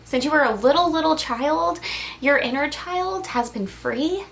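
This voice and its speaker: A young woman crystal healer speaking to camera in a soft, reassuring, casual way, sometimes laughing between lines. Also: high-pitched, expressive, measured pace, gravelly. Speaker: crystal healer giving a channeled message. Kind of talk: gentle spiritual pep talk to camera.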